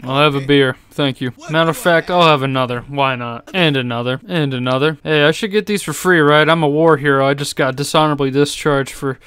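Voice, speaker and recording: A man's voice: on the high side, fairly quick, hardly any pauses, a bit bright, clear, resonant tone, dry recording. A young man casually commenting over his gameplay, making sarcastic jokes and laughing often. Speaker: gaming YouTuber.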